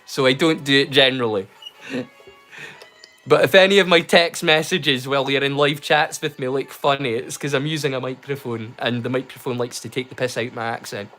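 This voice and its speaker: A Scottish man hosts a casual livestream from his home in rural Scotland, rambling along with slang and frequent restarts. His medium-pitched voice is steady, bright and forceful, moving a little fast, with faint music in the background.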